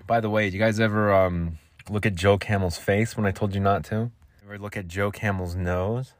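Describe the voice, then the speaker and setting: A man's voice: lowish voice, fairly even intonation, moderate pace, no echo. Rambling goofy man hosting a podcast. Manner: goofy, rambling, jokey asides. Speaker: podcast host. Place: makeshift home vocal booth.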